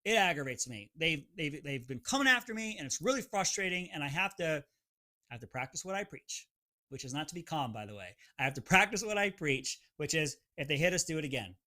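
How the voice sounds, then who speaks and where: A man's voice: fairly high pitch, sing-song, fairly quick, bright, forceful tone. A man hosting a live stream, talking in a fired-up, emphatic way and reading viewer comments aloud.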